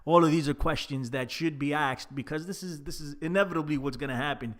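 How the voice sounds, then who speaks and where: A man's voice: on the high side, a little fast, fairly bright tone. A man casually reviewing a wrestling show, chatty and laid-back with plenty of fillers. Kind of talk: casual solo recap.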